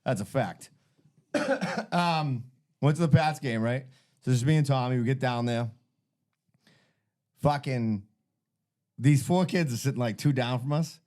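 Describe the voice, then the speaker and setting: A man's voice: mid-range voice, measured pace, long pauses, a little mellow. A man, hosting a podcast and telling a long, profane, rambling story in casual chat. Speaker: podcast host.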